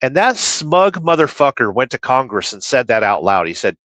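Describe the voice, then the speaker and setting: A man's voice: mid-range voice, big pitch swings, moderate pace, hardly any pauses, fairly bright tone, dry recording, rough recording. Opinionated man on a dry livestream. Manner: rambling, opinionated, reads chat aloud. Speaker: livestreaming trucker. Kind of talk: casual livestream chat.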